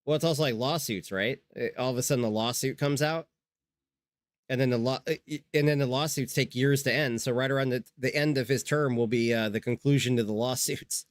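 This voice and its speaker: A man's voice: medium pitch, fairly quick, dry recording. Guy rambling on stream, swears a lot, middle voice, dry close mic. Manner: rambling, profane, restarts mid-sentence. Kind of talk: casual chat.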